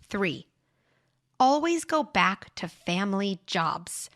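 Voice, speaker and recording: A woman hosting an advice podcast on parenting, speaking in a calm, measured and reassuring way as she talks through reframes. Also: mid-range voice. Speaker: podcast host, parenting advisor.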